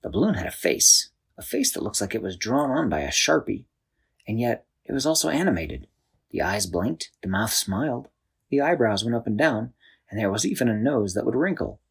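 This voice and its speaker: A man narrating an improvised bedtime story in a loose, animated way, with restarts. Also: lowish voice, normal speed, creaky, husky.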